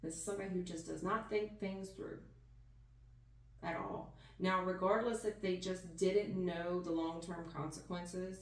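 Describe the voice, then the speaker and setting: A woman's voice: fairly low pitch, steady tone, measured pace. Folksy woman reading tarot, roomy. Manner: emphatic, folksy, calls listener hon and baby. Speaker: tarot reader. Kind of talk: casual spiritual reading. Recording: roomy sound, distant mic.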